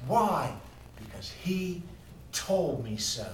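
A man preaching a sermon as pastor, moving between quiet musing and loud, emphatic declarations. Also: medium pitch, animated, measured pace, a little hiss or hum. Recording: echoey room heard from a distance.

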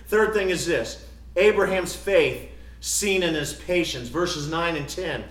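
A middle-aged man preaching a sermon as a pastor, emphatic, rising to loud declarations and dropping to quiet personal asides. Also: a little high, slow pace, far from the mic. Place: church sanctuary. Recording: roomy church echo.

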